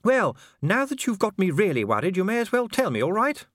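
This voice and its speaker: A man voicing a refined, kindly noblewoman who coaxes her husband gently and practically. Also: high-pitched, very animated, fairly quick, no echo, clean studio sound, voice pushed up. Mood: brisk, concerned. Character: refined, kindly noblewoman, middle-aged wife.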